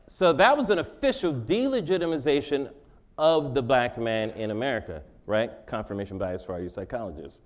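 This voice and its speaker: A man's voice: medium pitch, slight background noise. A man answering interview questions in a joking, conversational way, laughing often. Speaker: interview guest.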